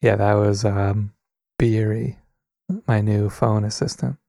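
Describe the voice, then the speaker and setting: A man's voice: on the low side, little pitch movement, slow, vocal fry, mellow, dry recording. A young man co-hosting a scripted comedy podcast in a dry, matter-of-fact way. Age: young adult. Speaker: podcast co-host.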